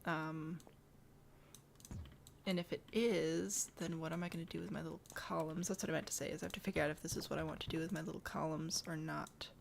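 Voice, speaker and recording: A woman's voice: sits low, steady tone, a little fast, vocal fry, a little hiss or hum. A young woman from the Midwest chatting casually on a live stream as she builds in a game, laughing often and murmuring to herself. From American Midwest.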